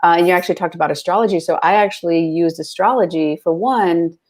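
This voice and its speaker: A woman guest talks freely and fast in casual conversation, her speech packed with fillers like "like" and "you know." Her voice is on the low side.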